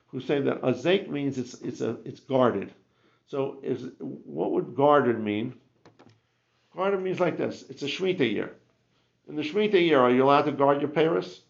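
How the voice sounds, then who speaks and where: A man with a very gravelly, creaky voice leads a Talmud class, asking rhetorical questions and restarting his sentences. The recording is muffled and lo-fi. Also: mid-range voice. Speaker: Talmud teacher.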